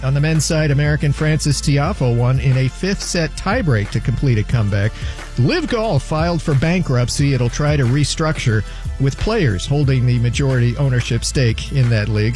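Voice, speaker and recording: A man reading a scripted sports news update in a brisk, newsy way. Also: medium pitch, expressive, a little mellow, soft background music.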